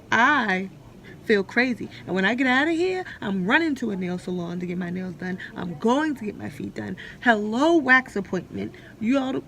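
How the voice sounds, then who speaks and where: Late-twenties woman vlogger, fairly high gravelly voice, blunt and candid, faint hospital hum behind. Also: a bit bright. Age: 20s. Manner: candid, blunt, swears freely. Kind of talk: personal hospital vlog. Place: hospital room. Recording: faint hospital background noise.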